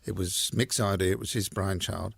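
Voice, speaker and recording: Gravelly, husky-voiced man. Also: low voice, steady tone, moderate pace, dry recording. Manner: frank and emphatic. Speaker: interview guest. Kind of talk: conversational storytelling.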